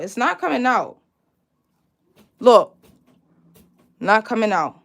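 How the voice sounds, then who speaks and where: Chatty high-voiced woman teaching braids. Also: very animated, takes it slowly, creaky. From Pittsburgh, USA. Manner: chatty, reads and answers viewer comments, laughs easily. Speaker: braiding instructor hosting a live stream. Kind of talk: casual live-stream tutorial.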